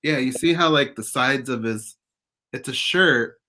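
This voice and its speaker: A man co-hosting a casual video-call interview, giggly and animated. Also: medium pitch, a little slow. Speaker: co-host.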